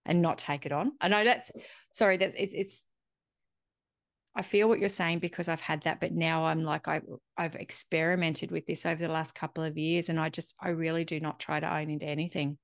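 A middle-aged woman talks in a loose, candid way, swearing now and then and slipping into quoted dialogue. Her voice sits low with a gravelly fry. It is recorded close in a dry space. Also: steady tone, a little fast, no room sound. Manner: candid, reflective, swears casually, acts out dialogue. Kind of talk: casual conversational chat.

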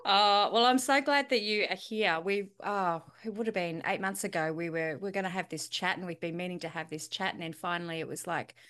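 A woman's voice: lowish voice, fairly quick, hardly any pauses, fairly bright tone, clear, resonant tone. Chatty woman podcast host. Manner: chatty, laughs easily. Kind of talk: casual podcast chat.

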